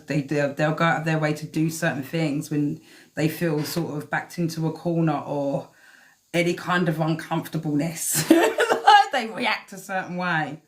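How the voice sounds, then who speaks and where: A woman doing a live-stream tarot reading, chatty and swearing freely as she talks to the cards. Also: sits low. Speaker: tarot reader.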